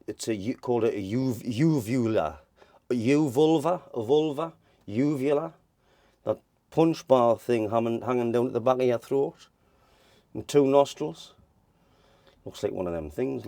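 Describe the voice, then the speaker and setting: A man's voice: mid-range voice, warm tone, no echo. A man giving an informal voice lesson, rambling and restarting as he explains and demonstrates vowel sounds. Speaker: voice teacher.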